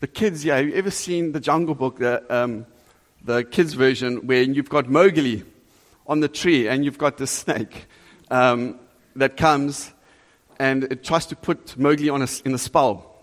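A man preaching a sermon to a congregation, earnest and animated, asking the listeners direct questions. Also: mid-range voice, unhurried. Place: church hall before a congregation. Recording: long reverb of a large hall.

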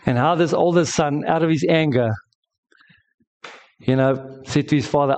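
A male preacher, delivering an emphatic sermon in a church service. His voice sits a little higher than most men's. He tells stories and jokes with the congregation as he preaches. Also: moderate pace, pauses often, darkish tone. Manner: storytelling, emphatic, joking with the congregation.

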